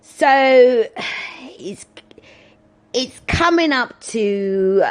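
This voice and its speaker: A woman hosting her own podcast, rambling chattily and excitably through stories and swearing freely. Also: a little high, extremely slow. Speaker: podcast host. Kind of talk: casual solo podcast chat.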